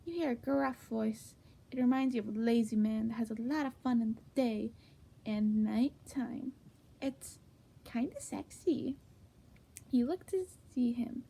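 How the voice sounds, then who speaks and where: Hushed, gravelly woman reading comedic fanfic. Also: measured pace. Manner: hushed, half-whispered delivery with sudden giggles and jumps in pitch. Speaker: fanfic reader.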